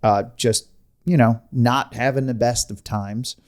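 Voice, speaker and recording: A man hosting a podcast, spinning a creepy tale in loose, conversational storytelling. His voice sits at an ordinary middle pitch. He laughs often and drifts into rambling asides. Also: steady tone, unhurried, a little mellow. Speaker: podcast host. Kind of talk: casual storytelling chat.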